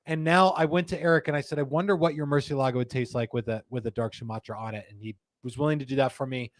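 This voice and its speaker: A man hosting a live stream, talking in a chatty, rambling and animated way. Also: medium pitch, fast, no room sound. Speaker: host.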